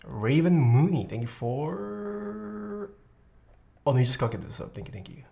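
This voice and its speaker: Lively woman chatting on a live stream. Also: very deep voice, rapid-fire. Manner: animated, exclamatory, laughs often. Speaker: streamer building a keyboard. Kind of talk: casual live-stream chat.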